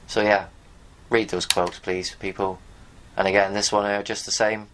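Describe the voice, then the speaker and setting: A man with a somewhat low voice talks casually to the camera, rambling and blunt, with the odd swear word. He reads bits from pages on screen and speaks straight to his viewers. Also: flat delivery, moderate pace, background noise. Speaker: video host. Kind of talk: casual commentary while reading from pages on screen.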